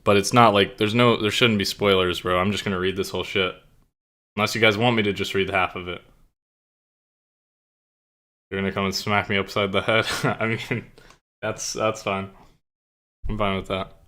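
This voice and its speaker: Low, forceful young-sounding male streamer. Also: fairly even intonation, normal speed, long pauses. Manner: rambling, self-conscious, swears a lot. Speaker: streamer reading his own story. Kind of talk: casual live-stream chat and reading aloud.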